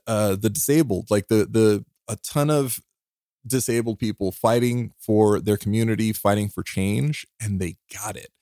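A man hosting a podcast alone, talking in an earnest, heartfelt way, emotional and near tears, often restarting and laughing softly. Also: mid-range voice, no echo, clean studio sound. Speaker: podcast host. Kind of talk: reflective solo podcast monologue.

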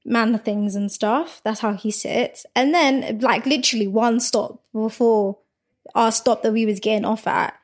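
A woman's voice: a little high, a little slow. A woman co-hosting a podcast, telling a story in casual chat and laughing as she goes. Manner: animated, laughs while telling stories. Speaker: podcast co-host.

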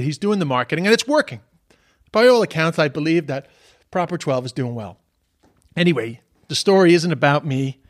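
A man's voice: a little high, no room sound, studio quality. A man with a Dublin accent telling a rambling, swear-laden story in a casual, self-amused way. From Ireland.

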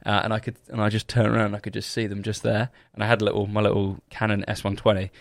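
A man's voice: fairly low pitch, completely flat delivery, fast talker, creaky, no room sound, studio quality. A young British man co-hosting a podcast, telling funny stories in casual chat and swearing freely. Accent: British English. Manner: swears freely, laughs at his own stories. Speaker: podcast co-host.

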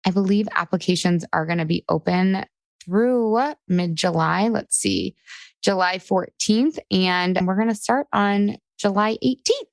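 A woman's voice: medium pitch, unhurried, vocal fry, no echo. A woman hosting a casual panel podcast, chatty and enthusiastic, now and then swearing. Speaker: podcast host and coach.

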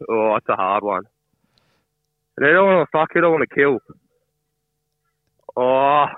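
A relaxed man, joking as a caller on a podcast. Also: mid-range voice, measured pace, no room sound. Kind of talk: casual phone chat. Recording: tinny phone line.

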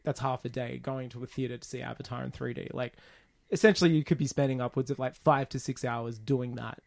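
A man's voice: medium pitch, steady tone, fairly quick, vocal fry. A young man co-hosting a casual film chat, rambling and restarting his sentences as he jokes. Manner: rambling, restarts often, laughs at own jokes. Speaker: podcast co-host.

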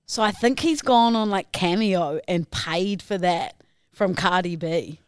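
A woman's voice: lowish voice, a little slow, smooth, no echo. A woman co-hosting a podcast, chatting casually in a playful, rambling way. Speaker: podcast co-host. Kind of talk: casual chat.

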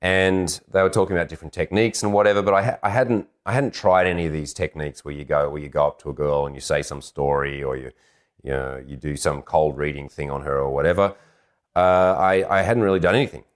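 A man telling a personal story in an animated, self-deprecating way as a dating coach, acting out bits of dialogue as he goes. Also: rumbling low, quick pace, smooth. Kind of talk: anecdotal storytelling.

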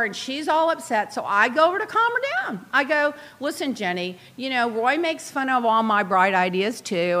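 A woman in a casual chat, telling a story in an animated, indignant way with quick asides. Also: high-pitched. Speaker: guest recounting reality show events.

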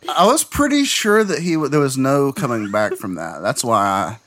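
A man's voice: mid-range voice, very animated, normal speed, crowd noise. A man playing a tabletop role-playing game, giving earnest in-character speeches to the table. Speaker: player.

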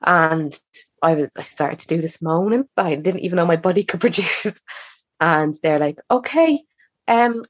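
A young woman with a voice that sits low talks at normal speed, recounting a personal story as a podcast guest. Chatty in manner, she acts out the dialogue she quotes, and the dry recording sounds a bit muffled and dull.

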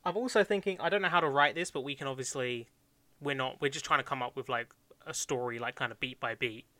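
A man co-hosting a podcast in casual chat, quick and animated, laughing often. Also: medium pitch, no room sound. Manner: fast, laughing, animated storytelling. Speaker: podcast co-host.

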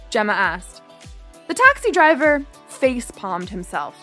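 A young woman narrating a first-person story in an animated, expressive way. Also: mid-range voice, normal speed, faint music behind.

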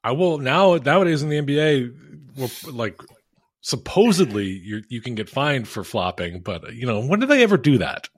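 A man co-hosting a casual podcast, relaxed and easygoing, reading off stats and laughing easily. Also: mid-range voice, moderate pace. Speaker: podcast co-host. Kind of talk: casual chat.

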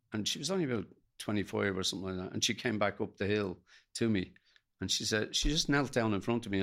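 A middle-aged Irish man tells an emotional story from his own life, pausing and restarting as he quotes what others said. His voice sits on the low side with a gravelly fry. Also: a bit bright. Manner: gravelly, halting, retells dialogue in quotes. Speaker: guest.

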